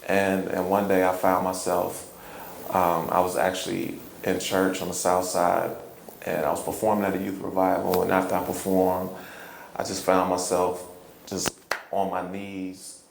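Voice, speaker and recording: A man from Chicago, a hip-hop poet, telling a personal story in an interview, earnest and halting, often repeating words and breaking into laughter. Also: low voice, monotone, vocal fry, a little hiss or hum. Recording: roomy echo, faint ambience.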